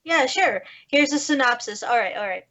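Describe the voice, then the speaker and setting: High-voiced, playful woman guest. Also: lively intonation, normal speed, a bit bright, lo-fi sound. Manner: laid-back, playful. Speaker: podcast guest. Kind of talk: casual chat and read synopsis.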